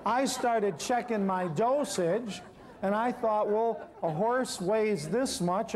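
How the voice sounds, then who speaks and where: Man, high voice, animated storyteller, lecture to a live audience. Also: takes it slowly, a crowd in the background. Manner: animated, acts out the people in his story. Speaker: herbal healer telling a story on stage.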